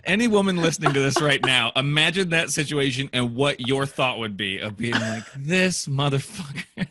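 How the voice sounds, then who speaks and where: A man co-hosting a podcast, reacting with quick banter and chuckling along. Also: medium pitch, pushed and bright, a little hiss or hum. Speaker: podcast co-host. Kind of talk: casual podcast chat.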